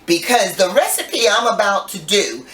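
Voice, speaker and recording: A woman's voice: medium pitch, big pitch swings, normal speed, fairly bright tone. An older woman hosting a home cooking show, chatty and playful, telling folksy stories as she bakes. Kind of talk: casual cooking demonstration. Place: home kitchen. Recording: roomy kitchen, mic at a distance.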